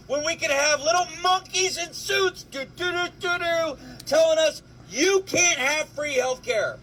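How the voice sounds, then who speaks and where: A man vents his anger straight to camera in a very high, sharp voice. He swears and fires off one rhetorical question after another, sometimes breaking into shouts. A faint hum of traffic sits behind him. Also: animated, unhurried, low-quality recording. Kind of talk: angry rant to camera.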